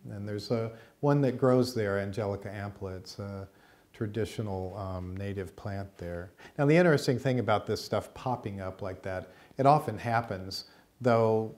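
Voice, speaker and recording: A man teaching a course, telling a story in a conversational, unhurried way and checking in with his listeners, in a college teaching room. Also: on the low side, darkish tone. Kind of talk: storytelling lecture.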